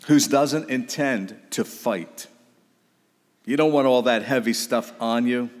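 A man's voice: medium pitch, big-room sound. A man preaching a sermon, emphatic and exhorting, with casual asides to the congregation. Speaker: pastor.

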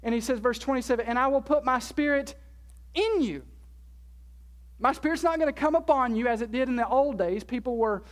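A pastor preaching a sermon, stressing key words by slowing down and repeating them, asking the congregation questions and answering them. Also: medium pitch.

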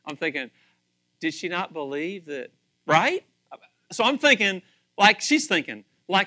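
Middle-aged male pastor, bright forceful tone, high pitch, lively sermon delivery with acted-out voices. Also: a little slow, pauses often. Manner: animated, acts out voices, asks audience questions.

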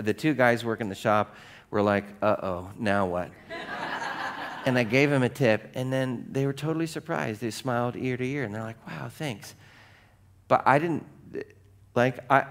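A man's voice: medium pitch, fairly bright tone. A middle-aged male pastor preaching a sermon to his congregation in a conversational way, asking them questions and acting out the voices in his own stories. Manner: conversational, asks the congregation questions, acts out quoted voices in anecdotes.

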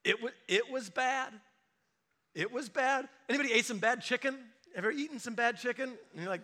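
A man preaching a sermon as a pastor, animated and acting out quoted voices for humor. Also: very high voice, brisk.

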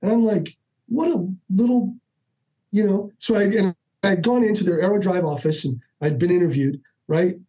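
A middle-aged man tells his stories on a podcast with a high, mellow voice. He acts out each exchange with restarts and asides, and the audio is dull and lo-fi. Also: moderate pace. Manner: animated, acts out dialogue with restarts. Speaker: podcast guest. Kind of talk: casual storytelling.

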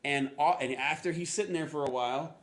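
Animated male pastor telling a story. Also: brisk. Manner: animated, acts out quotes with jumps in pitch; self-deprecating asides. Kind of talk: sermon storytelling.

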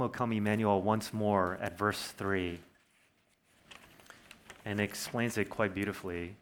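A man preaching a sermon, earnest and explanatory, slowing down to stress key words. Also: fairly low pitch. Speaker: pastor.

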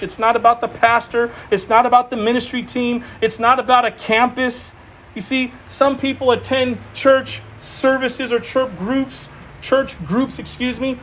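A man preaching an informal sermon, animated and emphatic, repeating phrases and laughing often. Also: extremely high pitch. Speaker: preacher teaching a Bible study.

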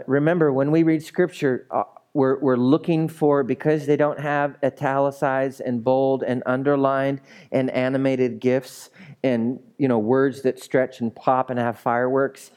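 A man's voice: mid-range voice, a little mellow. A male pastor preaching a sermon in a conversational way, with playful asides and emphatic repetition.

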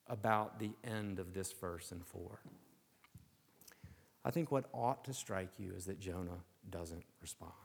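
A male pastor giving a sermon, asking rhetorical questions and swinging between raised emphasis and hushed, low asides. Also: gravelly, breathy edge, big-room sound.

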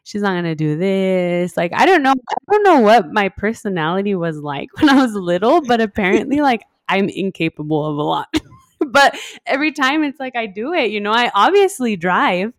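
A woman's voice: mid-range voice, sing-song, a little fast, no room sound, clean studio sound. A young woman from West Texas casually telling her own story, chatty and full of "like", acting out what others said. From West Texas, USA. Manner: chatty, heavy use of "like", acts out quoted dialogue.

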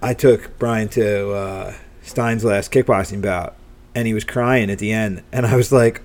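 Low-voiced man telling candid stories. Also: fairly even intonation, unhurried, darkish tone. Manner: candid, storytelling, swears casually. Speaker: podcast co-host. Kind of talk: casual chat.

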